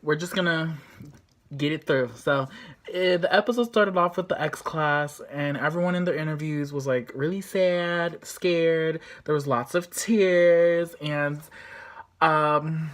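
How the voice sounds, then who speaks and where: A woman chatting casually as she recaps and reviews a show episode, talkative and full of fillers, with lively reactions. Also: low voice, a little slow.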